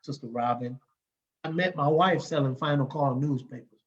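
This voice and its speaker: A man, telling stories as a podcast guest in a lively, casual way and acting out the people he quotes. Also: medium pitch, normal speed, dull audio. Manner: animated, acts out the people he quotes, laughs often. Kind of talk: casual storytelling.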